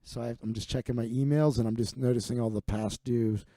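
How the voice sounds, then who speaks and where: A man's voice: medium pitch, steady tone, brisk, warm tone, dry recording, studio quality. A man hosting a livestream comedy monologue, telling stories in a crude, rambling way full of asides. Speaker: comedian host.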